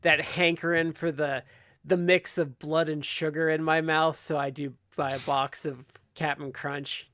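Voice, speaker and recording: A man's voice: fairly high pitch, flat delivery, measured pace, fairly bright tone, slight background noise. A man from Ohio hosting a casual podcast chat, rambling along with lots of "like" and restarts. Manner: rambling, heavy use of "like" and restarts. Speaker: podcast host.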